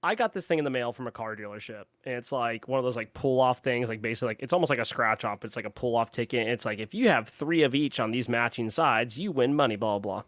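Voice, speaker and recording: A man's voice: mid-range voice, lively intonation, fast talker, few pauses, a bit bright, no echo, clean studio sound. A young man co-hosting a podcast, telling a story in casual chat and laughing as he acts out the people in it. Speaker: podcast co-host.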